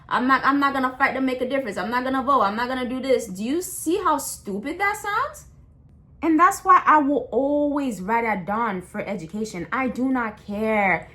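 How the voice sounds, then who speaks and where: In a casual ranting monologue, a young adult woman vlogger speaks bluntly and passionately, full of slang, repetition and restarts. Her pitch is fairly high and her tone fairly bright.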